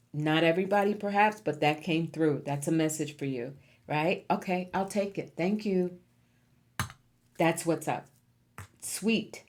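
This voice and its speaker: A woman's voice: low-pitched, dark tone. A woman giving a pick-a-card tarot reading to viewers, encouraging and emphatic, repeating key words for effect. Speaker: tarot reader.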